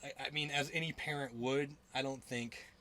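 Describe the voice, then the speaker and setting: A man's voice: medium pitch, fairly even intonation, moderate pace, sharp tone. A young man hosting a podcast in casual chat, rambling with lots of filler words, swearing and laughter. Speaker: podcast host.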